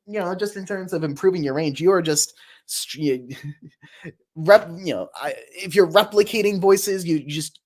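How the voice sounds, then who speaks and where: Voice actor, male, casual stream chat, animated pitch, giggly and rambling. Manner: rambling, laughs often, many fillers. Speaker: voice actor answering chat questions.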